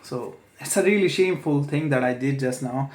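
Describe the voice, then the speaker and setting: A man's voice: mid-range voice, moderate pace. A young man, rambling alone in a home vlog, hesitant with many fillers and self-corrections. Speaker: vlogger. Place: room at home at night. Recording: echoey room.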